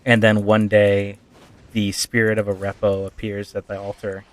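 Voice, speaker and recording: A man's voice: on the low side, monotone, normal speed. A man casually retelling a tabletop backstory as a streamer, rambling with lots of fillers.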